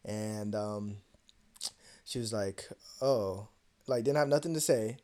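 A young man co-hosting a podcast, telling a personal story in a casual, profane and animated way and acting out the other voices. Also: lowish voice, takes it slowly. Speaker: podcast co-host.

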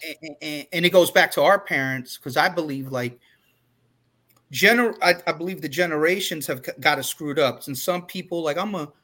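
A man in his forties talks candidly on a podcast, his words looping through restarts and asides. His voice is bright and sits a touch high for a man. The delivery is loose and conversational. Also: normal speed. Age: 40s. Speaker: podcast co-host. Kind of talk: casual chat.

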